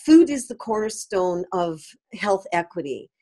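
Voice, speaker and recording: A woman's voice: medium pitch, animated, unhurried, mellow. A middle-aged Canadian woman, a company founder, talking emphatically in a podcast interview and often checking in with "right?". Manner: emphatic, tags statements with "right?".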